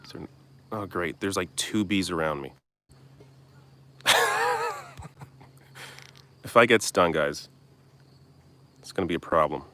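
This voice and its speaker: A young man with a deep, low-pitched voice reads viewer comments aloud and answers them on a live stream. He talks bluntly and casually, tossing in the odd swear. He's recording outdoors. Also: normal speed, pauses often, bright, forceful tone, a little hiss or hum. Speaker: political commentary host. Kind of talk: live stream Q&A reading chat.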